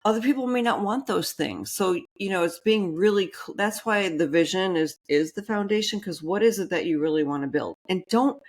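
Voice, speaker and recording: A woman business coach chatting casually on a podcast, rambling with quick restarts and asides. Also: mid-range voice, lively intonation.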